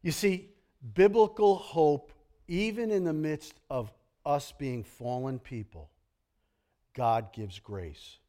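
A middle-aged man preaching a sermon as pastor, animated and jokey, slipping into grumbling impressions. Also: a little high, slow.

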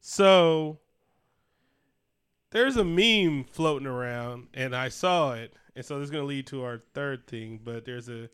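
A man's voice: medium pitch, unhurried, fairly bright tone, clear, resonant tone. A man co-hosting a casual chat, telling stories with lots of swearing and laughter. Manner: profane, laughing storyteller. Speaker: podcast co-host.

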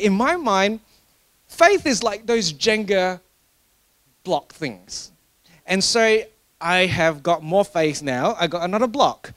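A man's voice: high voice, fairly bright tone. A man preaching a sermon in a conversational, joking way, often restarting his sentences. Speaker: pastor.

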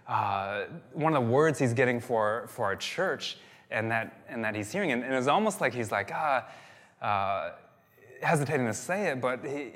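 A man preaching a sermon as pastor, energetic, with many restarts and fillers. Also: medium pitch, long reverb tail. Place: church hall.

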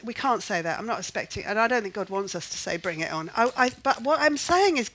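A woman's voice: medium pitch, expressive, moderate pace, a bit bright, no room sound, low-quality recording. An older woman leading a Bible study, teaching in an earnest, emphatic way and repeating phrases to drive her point home.

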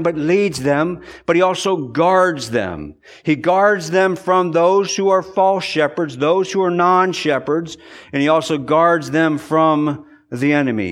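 A male pastor preaches in an earnest, deliberate way, circling back and repeating phrases to stress a point. His voice sits a little higher than most men's. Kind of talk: sermon.

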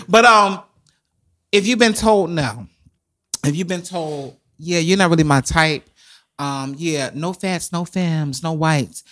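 A man co-hosting a podcast, talking in an animated, dramatic and emotional way, close to tears at times. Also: on the high side, slow pace. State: tearful. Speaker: podcast co-host. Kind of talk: casual podcast chat.

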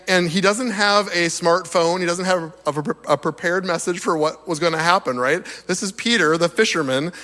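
High-voiced, slightly hoarse male preacher. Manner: animated, chuckles between points. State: slightly hoarse, losing his voice. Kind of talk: sermon. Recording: long reverb of a large hall.

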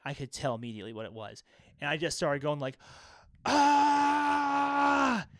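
A man co-hosting a podcast in casual chat, telling animated stories and swearing freely. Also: medium pitch, quick pace, dry recording, studio quality. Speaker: podcast co-host.

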